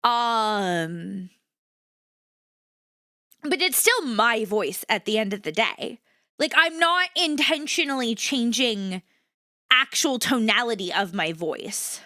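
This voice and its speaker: A young woman streaming as a VTuber, talking casually to her chat in a bright, fairly high voice. Her pitch swings widely as she shifts between upbeat energy and a flatter, low-key delivery. The sound is close and dry. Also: slow, pauses often, dry recording.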